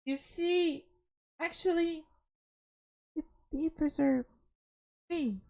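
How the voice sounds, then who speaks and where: A woman voicing a nervous, excitable young male defendant who frantically insists he is guilty. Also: high voice, drawn-out words, creaky, pitched above the performer's own voice, full character voice. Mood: flustered. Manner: frantic, squealing confessions.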